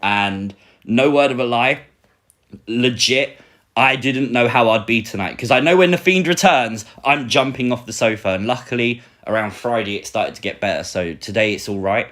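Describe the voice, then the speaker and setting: A young man from Britain hosting a casual live stream, excitably reading out and answering viewer comments. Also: medium pitch, moderate pace. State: recovering, a little sore.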